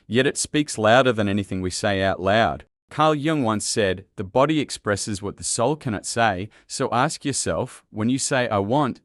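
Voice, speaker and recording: Calm low-voiced male narrator. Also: no echo, studio quality. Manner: calm, measured, instructive. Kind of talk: scripted self-help narration.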